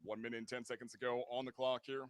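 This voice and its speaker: A man with a middle-pitched, ordinary voice hosts a football livestream. He offers slow, measured analysis, padded with "uh" and "I mean", and sends the broadcast to breaks. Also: little pitch movement, no room sound. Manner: measured, filler-heavy analysis. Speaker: color commentator and stream host. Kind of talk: live football commentary.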